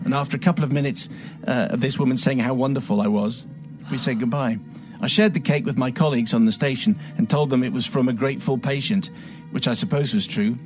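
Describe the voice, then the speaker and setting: A man's voice: medium pitch, lively intonation, brisk, soft background music. A man hosting a radio show, reading a listener's letter aloud with wry, dramatic storytelling. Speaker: radio host.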